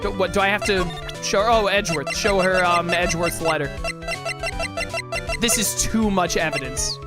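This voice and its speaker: A woman's voice: on the low side, normal speed. A young adult woman streaming a game, commenting in an exasperated, joking way. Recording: game music underneath.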